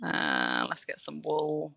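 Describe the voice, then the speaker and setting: Her voice is deep, gravelly, pushed and bright, swooping wildly in pitch as she plays a game live on stream. She's English, near-standard in accent with a slight Kentish twang, and keeps up a rambling, chatty commentary full of self-mockery.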